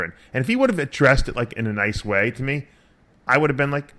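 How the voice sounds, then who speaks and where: A man's voice: medium pitch, sing-song, fast, fairly bright tone. A middle-aged man hosting a radio show, telling rambling stories in casual, profane chat.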